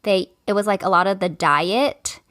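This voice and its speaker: A woman's voice: mid-range voice, moderate pace, a bit bright, dry recording, clean studio sound. A woman in her thirties co-hosting a casual podcast, chatty, with lots of fillers and frequent laughs. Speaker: podcast co-host. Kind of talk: casual chat.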